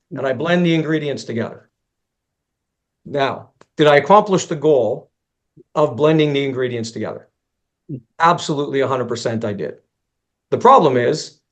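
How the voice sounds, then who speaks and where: Through dull audio, a man with a fairly high voice talks conversationally to a group of other golf instructors. His long story pokes fun at himself, he voices both people in the exchange, and he keeps starting his sentences over.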